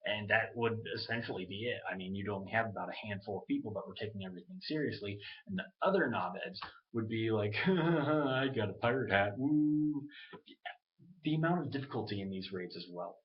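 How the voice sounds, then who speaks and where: Low-voiced man rambling into a webcam. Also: quick pace. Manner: rambling, loose, swears casually. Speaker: gaming video creator. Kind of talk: casual gaming talk to webcam. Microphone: webcam mic. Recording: dull lo-fi webcam audio.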